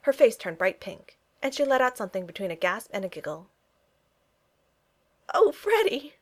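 A woman's voice: medium pitch, animated, fast. Woman narrating an audiobook.

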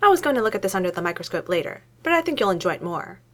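A woman's voice: mid-range voice, big pitch swings, very fast, close to an everyday voice. A cheerful, cocky male lab scientist, put on by a woman reading a story aloud. He talks breezily, boastful and pleased with himself. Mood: breezy.

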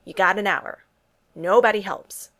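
A woman's voice: fairly low pitch, lively intonation, fast talker, close to an everyday voice. A woman voicing a brash, teasing middle-aged diner waitress who speaks bluntly in a folksy way in a storybook reading. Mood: bossy.

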